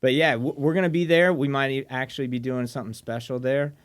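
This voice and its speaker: A man from southern Mississippi hosting a podcast in casual chat, eager and excitable, often restarting his sentences. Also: mid-range voice, fast. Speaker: podcast host.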